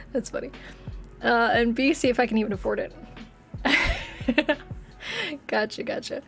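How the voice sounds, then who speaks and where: A woman's voice: on the high side, huge pitch swings, slow pace, creaky, pauses often, fairly bright tone, faint music behind. A woman in her late twenties streaming games, chatting casually and rambling with viewers, laughing often, with a slightly congested, phlegmy throat. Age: late 20s. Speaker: game streamer.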